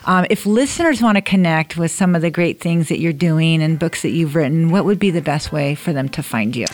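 A woman's voice: deep voice, brisk. A woman hosting a faith podcast, affirming her guest and asking follow-up questions. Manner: warm affirming interjections. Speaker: podcast host.

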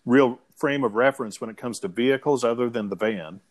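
A man's voice: mid-range voice, brisk. A middle-aged man co-hosting a podcast, chatting casually about a film and quoting its lines. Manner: relaxed storyteller, quotes film lines. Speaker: podcast co-host. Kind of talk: casual movie chat.

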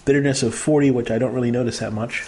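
A man's voice: medium pitch, fairly even intonation, very fast, dark tone. Jokey man describing beer flavors. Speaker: host. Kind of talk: casual beer tasting chat.

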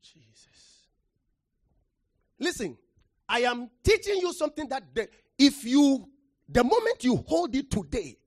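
A preacher giving a sermon, shouting key phrases, then dropping to near quiet and calling on listeners to respond. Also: high voice, very animated, unhurried, long pauses, no echo, studio quality. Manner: impassioned, shouting for emphasis with sudden drops to quiet; calls for audience response.

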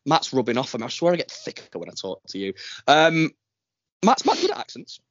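A man's voice: medium pitch, wildly swooping pitch, fairly quick, a bit bright, no echo. A man co-hosting a casual podcast, teasing his friends and laughing a lot. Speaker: podcast co-host. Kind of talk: casual chat. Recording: slightly muffled dry recording.

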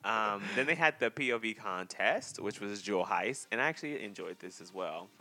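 A man hosting a casual podcast, recapping a reality show in an animated, slangy way and acting out his own reactions. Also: on the low side. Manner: animated, laughing, acts out reactions in quotes; slangy, drawn-out storytelling. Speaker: podcast host.

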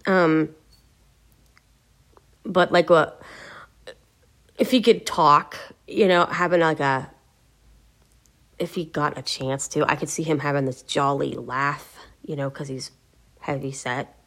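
Woman host, slightly low pitch, casual unscripted musing, hesitant and wordy. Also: fairly even intonation, slow pace, long pauses, a bit bright. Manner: rambling and hesitant, searching for words. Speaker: gaming video host. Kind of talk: casual talk to camera.

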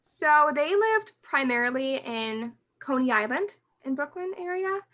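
A woman's voice: high-pitched, lively intonation, measured pace, fairly bright tone. A woman guest on a podcast telling candid, emotional memories of her late father, often laughing through hard moments. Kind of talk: personal storytelling in podcast interview.

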